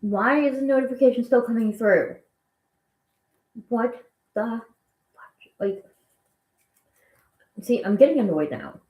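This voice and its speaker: A woman's voice: fairly high pitch, lively intonation, measured pace, pauses often, a little mellow. A woman hosting a casual live stream, chatting and rambling as she answers viewer questions. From Canada. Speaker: guinea pig channel host. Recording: echoey room.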